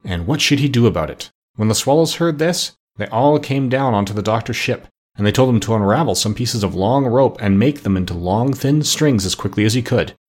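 A man reading a children's story aloud as an audiobook narrator, with steady storytelling. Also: medium pitch, fairly quick, hardly any pauses. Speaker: audiobook reader. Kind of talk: scripted narration.

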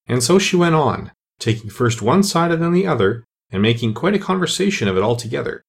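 Expressive male audiobook narrator, very lively pitch, slightly husky. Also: quick pace, hardly any pauses. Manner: expressive storytelling.

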